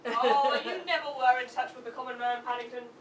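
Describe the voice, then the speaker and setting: A woman's voice: on the high side, steady tone, a little fast, lightly acted. A woman playing a smug female professor in an improvised stage comedy, dishing out sweetly condescending digs. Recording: echoey live stage from far off, noisy.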